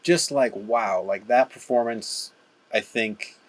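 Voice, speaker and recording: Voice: mid-range voice, slow, dry recording. Enthusiastic podcast co-host, dry close sound. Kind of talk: casual chat.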